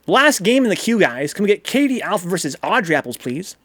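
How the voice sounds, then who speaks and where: Over background game music, a streamer and host chats in a rambling way, reading out chat messages and swearing here and there. His voice sits high and sounds sing-song and a bit bright, fairly quick, with no echo.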